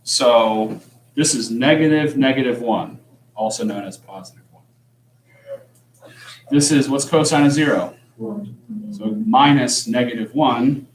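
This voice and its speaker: A man's voice: medium pitch, a little slow, long pauses, a little hiss or hum. A man teaching a calculus class, explaining problems in a casual, joking way. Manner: joking, conversational. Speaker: math teacher. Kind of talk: classroom lesson. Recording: echoey classroom, distant mic.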